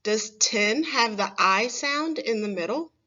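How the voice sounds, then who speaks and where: Woman, primary teacher, fairly high voice, slow careful delivery, dull lo-fi recording. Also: lively intonation, sharp tone. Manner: slow, clear, stressing single words for children to repeat. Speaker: first grade teacher. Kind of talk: phonics lesson for young children.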